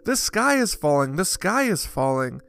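A man's voice: on the high side, unhurried, a bit bright, soft background music. Chicken Little, as a man puts him on, a panicky chick. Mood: panicked. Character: panicky young chick, jumpy and frightened.

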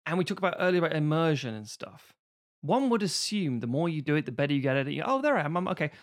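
A man with a slightly raised voice tells film anecdotes in an animated, chatty way, jumping into quick impressions. The sound is dry and close, with no room behind him. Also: a little high, dry recording. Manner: animated storyteller acting out quotes. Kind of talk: casual chat about accents and films.

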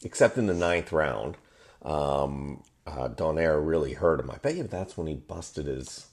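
A man's voice: extremely low pitch, expressive, measured pace, a little mellow. A man co-hosting a casual sports talk show, analytical and agreeable, explaining fights step by step. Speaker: podcast co-host.

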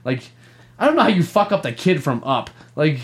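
A man's voice: fairly high pitch, a little fast, heavy background noise. A man co-hosting a gaming podcast, telling stories in a casual, profane way and laughing often. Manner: profane, laughing, animated storytelling. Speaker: podcast co-host.

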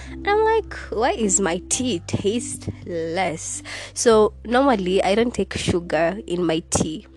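A woman's voice: medium pitch, very animated, unhurried, over music. A young woman hosting her own podcast, candidly telling a personal story in a casual way and laughing between lines. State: sick with fever, lost taste and smell. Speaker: podcast host.

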